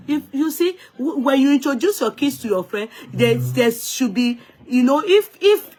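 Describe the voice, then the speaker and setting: A Nigerian woman hosting an unscripted live stream, talking emphatically, scolding, restarting her words and greeting viewers by name. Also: sits high.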